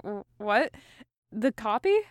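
An earnest, haunted young mage who speaks slowly and reflectively, as a woman reads him aloud. His voice is smooth and slightly high, and the recording is close and dry. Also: very animated, no echo. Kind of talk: fan audiobook reading.

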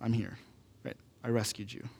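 A man voicing Jesus as a gentle, reassuring loving father, speaking softly and tenderly. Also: mid-range voice, level tone, moderate pace, gravelly, husky, pitched below the performer's own voice. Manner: soft, tender and hushed.

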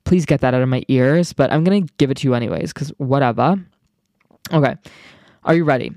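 A young man hosting his own podcast, chatting casually in an excitable, rambling way full of asides. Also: medium pitch, fairly quick, no echo, studio quality. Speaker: podcast host. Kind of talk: casual solo podcast chat.

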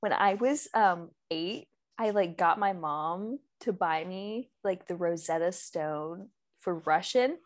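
A young woman co-hosting a casual podcast chat, talking quickly with lots of fillers and laughing easily. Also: on the low side. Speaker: podcast co-host.

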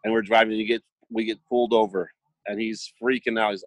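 A low-leaning male voice moves at a fairly quick clip with no room sound behind it. He's chatting casually, spinning anecdotes with lively energy and voicing the dialogue himself.

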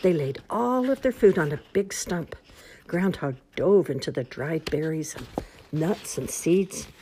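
Woman reader for a children's storybook, low voice, very animated pitch, slow expressive telling. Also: a little hiss or hum. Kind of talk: children's storybook read-aloud.

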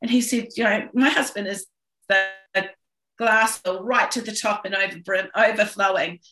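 A woman's voice: mid-range voice, fairly even intonation, moderate pace, pushed and bright, faint music behind. A middle-aged woman as an interview guest, telling a personal story in an earnest, emotional way with frequent restarts. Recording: roomy echo.

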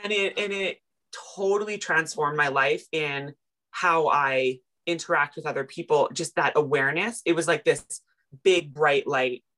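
Low-voiced woman telling a lively story. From Canada. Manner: animated, self-deprecating, quick retellings with big pitch jumps in quoted moments. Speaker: guest, personal finance coach. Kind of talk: casual interview storytelling.

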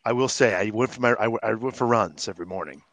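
Low-voiced, laid-back man, dry sound. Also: fast, a bit bright, no echo. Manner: laid-back, jokey, self-mocking. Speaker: podcast co-host. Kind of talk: casual podcast chat.

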